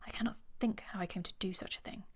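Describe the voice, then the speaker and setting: A woman reading aloud and voicing a sensible young woman, anxious and self-reproaching, in a soft, hushed delivery. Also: mid-range voice, steady tone, quick pace, breathy edge, in a whisper.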